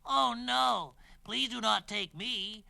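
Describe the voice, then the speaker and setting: A man's voice: very high-pitched, slow, vocal fry, sharp tone, no echo, heavily acted. A man doing a tiny timid billy goat. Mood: pleading. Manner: small pleading voice.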